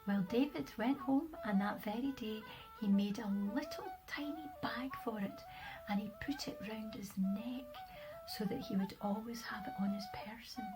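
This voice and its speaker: A Scottish woman reads a children's story aloud in an expressive, unhurried way. Her voice sits high and rises and falls widely. Soft guitar plays faintly in the background. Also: rough recording. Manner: expressive, with dramatic pauses. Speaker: author reading her own stories.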